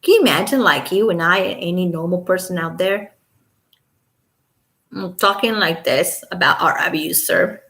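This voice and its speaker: A woman's voice: lowish voice, moderate pace, a bit bright. A woman at home reading a court filing aloud and breaking off into sarcastic, incredulous commentary, sometimes dropping to a whisper. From Los Angeles resident. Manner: sarcastic, incredulous asides, occasional whispered remarks.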